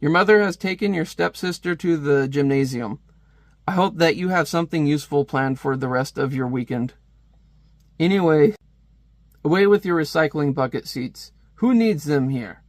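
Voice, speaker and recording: A man voicing an irate, mustached stepfather who shouts indignantly at TV commercials. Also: on the high side, normal speed, dry recording, clean studio sound, lightly acted. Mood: scolding.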